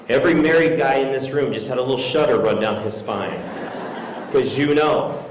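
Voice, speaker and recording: A man giving a graduation keynote, telling a story with animated swings between yelling and quiet sincerity. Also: medium pitch, normal speed, slight background noise. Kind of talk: storytelling speech. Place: large hall with an audience. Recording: echoey hall with long reverb.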